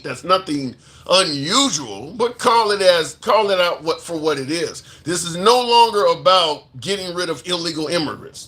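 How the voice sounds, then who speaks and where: Man, live-stream commentator, indignant, repeats himself for stress, high bright voice.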